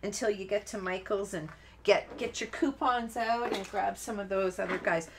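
In a medium-pitched voice at normal speed, with background noise behind her, a woman leads a live-stream card-making tutorial. She's chatty and rambling, often breaking off mid-thought and laughing at her own errors.

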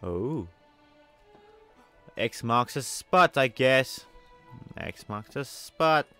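An excitable man comments on his own gameplay, addressing his viewers. He jumps between loud outbursts and low mutters in an ordinary mid-pitched voice. Faint game music sits behind him. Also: drawn-out words. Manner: excitable, talks to viewers, swings from loud to soft. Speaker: gamer. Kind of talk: let's play commentary.

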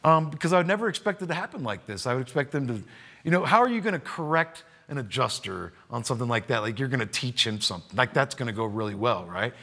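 Animated man telling a story, lively voice. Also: medium pitch, quick pace. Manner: animated, acts out quoted voices. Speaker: roofing contractor and trainer. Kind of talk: casual storytelling to camera.

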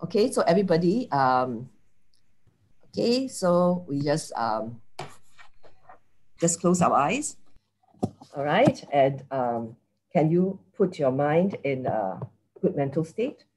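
A woman's voice: deep voice, very animated, slow, pauses often, darkish tone, a little hiss or hum. Singaporean woman giving a Buddhist talk. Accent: Singaporean English. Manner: conversational, frequent "okay" and "right" check-ins. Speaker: lay Buddhist teacher. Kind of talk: Dharma talk with guided merit sharing.

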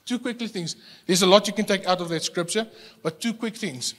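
A male pastor preaching a sermon, animated and given to repeating words as he restarts, speaking without a microphone in a church hall. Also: high-pitched, brisk. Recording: long hall reverb, no microphone.

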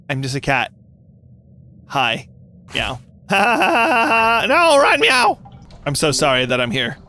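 A young man giving playful, animated commentary while playing a game, with quick reactions and jokey cries of pain. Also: fairly high pitch, slight background noise. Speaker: gaming YouTuber.

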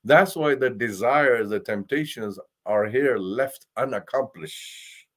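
Man preaching, swinging loud to hushed. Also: mid-range voice. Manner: recites Arabic verses quickly. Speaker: imam. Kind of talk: sermon on Quran verses.

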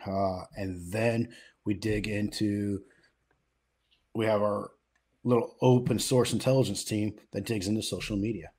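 A man's voice: fairly low pitch, fairly even intonation, measured pace, a little mellow. A middle-aged man from the US West Coast co-hosting a podcast, talking casually with frequent fillers and restarts. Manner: conversational, many fillers and restarts. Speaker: podcast co-host. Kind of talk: casual chat.

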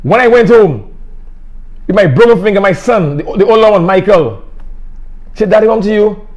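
A man's voice: high voice, lively intonation, normal speed, darkish tone, muffled recording. A middle-aged man from Saint Lucia with a Saint Lucian accent, preaching an emphatic, repetitive sermon. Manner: emphatic, repetitive, plain-spoken.

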